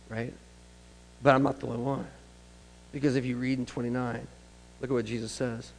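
A man's voice: medium pitch, level tone, brisk, pauses often, fairly bright tone, a little hiss or hum. A man preaching a sermon, telling stories in a conversational way with asides to the congregation. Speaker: pastor. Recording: long reverb of a large hall.

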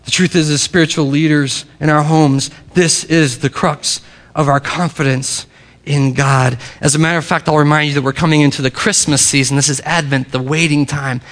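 A middle-aged man preaching a sermon, his voice a little high for a man and gravelly with fry. He speaks earnestly, repeats his key lines and slows down to press a point home. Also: steady tone, fairly bright tone. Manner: earnest preaching, repeats key phrases, varies pace for emphasis. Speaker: pastor.

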